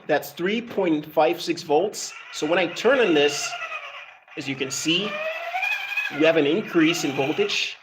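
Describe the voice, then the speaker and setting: Man, somewhat high voice, unhurried, rambling live demo of a gadget. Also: slight background noise, rough recording. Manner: rambling, tries out different accents, many fillers and restarts. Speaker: hobbyist demonstrating a homemade generator. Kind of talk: casual live demonstration.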